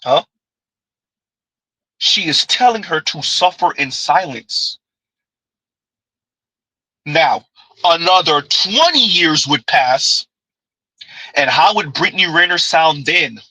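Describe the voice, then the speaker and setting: A man's voice: a little high, animated, slow, long pauses, sharp tone, breathy edge, no echo, poor audio. A man hosting a commentary show, reacting to clips with emphatic, repetitive phrasing. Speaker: commentary channel host.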